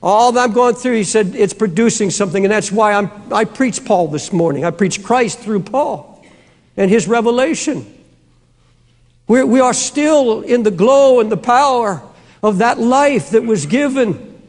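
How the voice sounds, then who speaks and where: Man preaching, impassioned sermon, very high voice, long hall reverb. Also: lively intonation, a little slow, a little mellow. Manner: impassioned, at times screaming.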